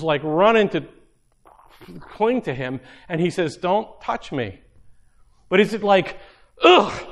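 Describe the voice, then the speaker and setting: High-voiced man preaching earnestly. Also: a bit bright. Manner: earnest, asks listeners rhetorical questions. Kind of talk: sermon.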